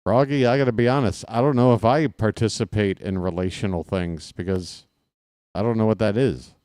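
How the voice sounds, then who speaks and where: Male play-by-play streamer, lower register, smooth resonant tone, dry close mic, rambling comic asides. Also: moderate pace, a little mellow, no echo. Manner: rambling, jokey, talks to chat viewers. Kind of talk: casual baseball commentary with chat.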